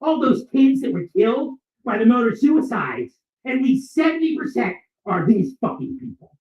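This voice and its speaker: A man delivering a furious, profane ranting monologue and often shouting. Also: extremely high pitch, sing-song, normal speed. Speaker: vlogger. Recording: echoey, distant, dull sound.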